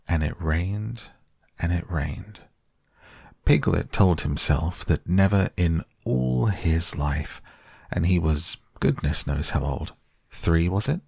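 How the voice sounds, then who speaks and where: A man narrating a children's classic as a soft, slow, soothing bedtime storybook reading. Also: low-pitched, creaky, slightly rough, no room sound, clean studio sound. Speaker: audiobook narrator.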